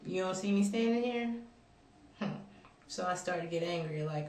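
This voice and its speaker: Lively woman vlogger telling a wild story, swears a lot, echoey and a bit far from the mic. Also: mid-range voice, moderate pace. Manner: animated, profane, laughing asides. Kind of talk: storytelling to camera. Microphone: camera mic. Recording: roomy, from camera distance.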